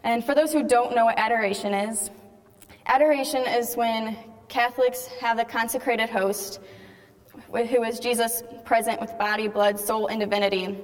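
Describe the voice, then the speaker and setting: A teenage girl tells her faith story to an audience in a casual, chatty way, acting out the lines of the people in it. Her voice sits a little high. It rings out with the long reverb of a big hall. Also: fairly even intonation, normal speed. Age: teens. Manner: chatty storytelling, acts out quoted dialogue. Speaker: speaker giving a faith testimony. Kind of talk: personal testimony talk to an audience.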